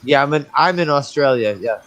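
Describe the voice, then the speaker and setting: A man's voice: mid-range voice, expressive, fairly quick, background noise. A man in a casual online group chat, telling crude stories with a joking manner. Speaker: panelist.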